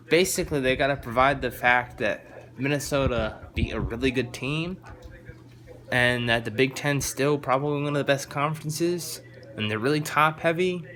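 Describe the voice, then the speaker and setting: A young man ranting about football to camera in an excitable, rambling, opinionated way. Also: mid-range voice. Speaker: vlogger. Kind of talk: casual sports rant to camera.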